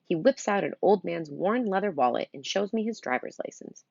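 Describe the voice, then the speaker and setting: A woman's voice: on the low side, expressive, brisk, gravelly, a little mellow, slightly rough, no room sound, muffled recording. A middle-aged woman reading a children's novel aloud, with chatty, punny asides to her listeners. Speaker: storybook reader.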